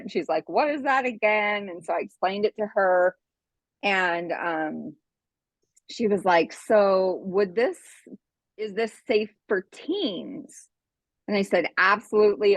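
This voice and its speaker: A woman in her forties tells a long story on a video call, talking in quick bursts. She is a little out of breath. Her voice has a middle pitch and a dry, close sound. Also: no room sound. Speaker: team member sharing tips. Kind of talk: casual video call chat.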